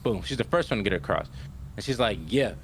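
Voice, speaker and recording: A man's voice: lowish voice, fast, vocal fry, a little hiss or hum. A young man casually recapping an anime episode on a podcast, acting out the characters' lines and checking in with "right?" all the time. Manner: animated retelling, acts out characters' lines with "yo" and "right?". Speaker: podcast co-host.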